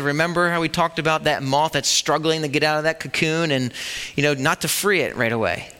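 A man's voice: fairly high pitch, quick pace, bright, forceful tone, clear, resonant tone. A man preaching a sermon at a church service, talking conversationally and asking the congregation rhetorical questions. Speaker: pastor.

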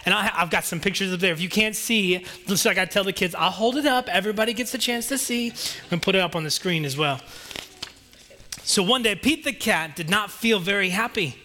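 Playful, bright-voiced man telling a story. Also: high voice, fairly quick. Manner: playful, self-deprecating storyteller. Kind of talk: children's story and sermon.

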